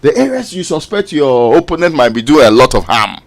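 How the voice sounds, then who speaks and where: A man's voice: medium pitch, very animated, fairly quick. A man with a Ghanaian English accent hosting a morning radio show, reading headlines and commenting in a conversational way. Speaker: radio host. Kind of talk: news review and political talk.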